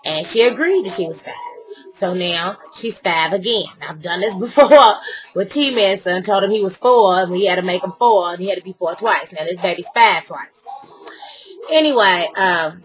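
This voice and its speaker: A woman's voice: medium pitch, moderate pace, low-quality recording. An older woman telling a story casually and sassily to camera, acting out what others said. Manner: animated, sassy, acts out quotes. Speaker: vlogger.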